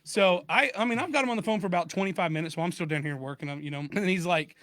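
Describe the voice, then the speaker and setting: A man on a podcast tells a comic story at a rapid clip in a slightly high voice, animated and laughing along as he goes. The sound is dry and close, with no room around him. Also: no echo. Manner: animated, laughs through his own story. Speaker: podcast co-host. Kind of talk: casual comedic storytelling.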